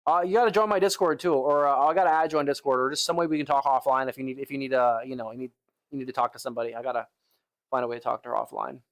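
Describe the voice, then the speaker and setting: A young man racing through his words in a steady, medium-pitched voice is live-streaming at the gym. Relaxed, he talks to chat between lifts with lots of "bro" and "like," his arms tired and sighs slipping out between sets.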